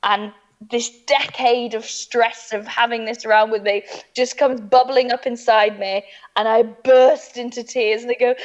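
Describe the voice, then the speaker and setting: Woman comedian, comic storyteller, higher voice, dull lo-fi stream sound. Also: a little slow. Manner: animated, laughing through her own story, acting out quoted voices.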